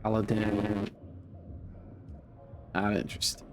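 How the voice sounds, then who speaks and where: A man's voice: lowish voice, completely flat delivery, takes it slowly, noisy background. A congested man streaming a game, chatting casually in a wry, rambling way with many fillers. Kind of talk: casual gameplay commentary.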